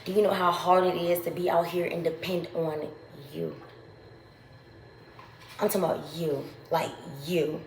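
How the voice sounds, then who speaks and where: A woman's voice: fairly low pitch, flat delivery, moderate pace, vocal fry, few pauses, slight background noise. A woman vlogger giving a casual, profane motivational rant, hammering her points with repeated phrases. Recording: echoey room with faint ambience.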